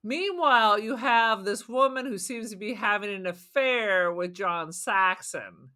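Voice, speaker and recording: Wry, bright-voiced woman podcast co-host. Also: mid-range voice, a little slow. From Palm Springs, California. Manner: wry, joking, acts out quotes. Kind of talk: casual film chat.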